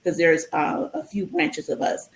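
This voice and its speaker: A woman guest telling a long personal story in a casual interview, animated and full of ums and restarts. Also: sits low, measured pace, reverberant, low-quality recording.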